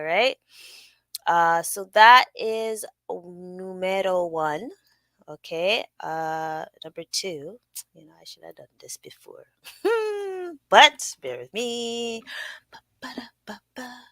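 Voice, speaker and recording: A woman hosts a casual solo podcast. Her voice is bright and forward but sits a little low, and the recording is close and dry. She talks loosely with fillers, laughs and silly sound effects. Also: no echo. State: sore from working out. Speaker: podcast host.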